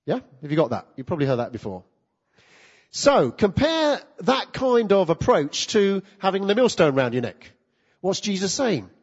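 A man preaching a sermon in a church, lively and full of rhetorical questions put to the congregation. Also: high-pitched, moderate pace, breathy edge. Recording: lo-fi with long hall reverb.

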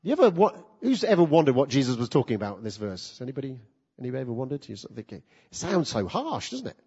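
A man preaching a sermon in a church, lively and full of rhetorical questions put to the congregation. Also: mid-range voice, quick pace, slightly rough. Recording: lo-fi with long hall reverb.

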